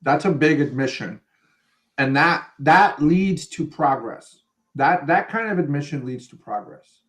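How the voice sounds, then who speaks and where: A man in casual chat, reflective, explaining psychology and slowing down for emphasis. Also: on the high side, expressive, a bit bright. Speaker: podcast co-host, former counselor.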